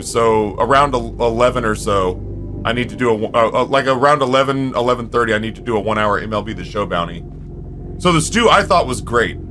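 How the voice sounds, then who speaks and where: A man streaming a game from home, telling stories to his viewers in an animated, foul-mouthed, casual way. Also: medium pitch. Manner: animated storyteller, swears freely. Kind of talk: casual chat with viewers while gaming.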